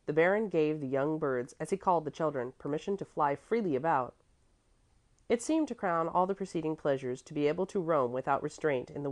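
A woman reads a classic children's story aloud as an audiobook. Her voice is low-pitched, and her delivery is steady and measured. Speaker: narrator. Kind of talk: audiobook narration.

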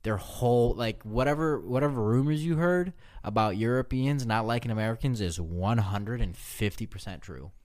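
A man co-hosting a casual podcast, telling rambling, profane anecdotes in an animated way. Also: mid-range voice, normal speed, hardly any pauses. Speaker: podcast co-host.

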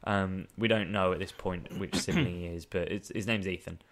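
A man's voice: deep voice, steady tone, normal speed. A man co-hosting a casual chat, wry and exasperated, often laughing as he talks. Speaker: podcast co-host. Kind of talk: casual chat reviewing a film.

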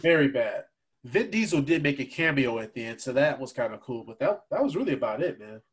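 A man co-hosting a casual podcast, easygoing and quick to agree while talking movies. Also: mid-range voice, animated. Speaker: podcast co-host.

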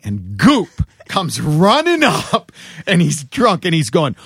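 A man telling rowdy band-tour stories in casual chat, swearing freely and loudly acting out the people he quotes. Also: sits high, big pitch swings, normal speed, slightly rough, dry recording, studio quality. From Irish heritage. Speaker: podcast guest, musician.

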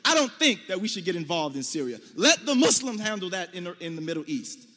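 An American man with a high voice argues his case in a debate, emphatic and forceful, sometimes rising to near-shouts. His voice carries a long reverb from a large hall. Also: big pitch swings, fairly quick. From United States. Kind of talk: debate speech.

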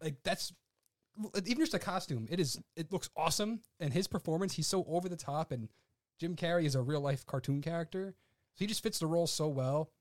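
A man's voice: on the high side, a little fast. A man on a podcast, speaking enthusiastically and casually about a favorite movie. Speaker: podcast co-host. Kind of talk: casual chat.

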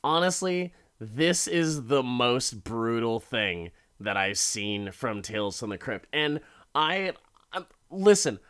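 Young man, casual podcast recap. Drawn-out, deliberate delivery, profane and animated. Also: medium pitch, clear, resonant tone. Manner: profane, animated, laughs while retelling. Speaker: podcast host recapping a horror episode.

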